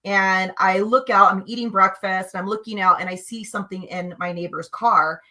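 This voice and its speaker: A woman telling personal spiritual stories in a casual, animated, emphatic way, acting out what others said. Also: mid-range voice, normal speed. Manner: animated, emphatic, acts out quotes. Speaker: podcast guest.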